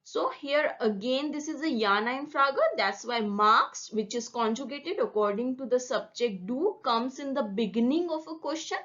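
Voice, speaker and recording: A woman's voice: sits high, lively intonation, normal speed, hardly any pauses, a bit bright, highs cut off. A woman teaching a German grammar lesson, explaining carefully and repeating example words so they can be drilled.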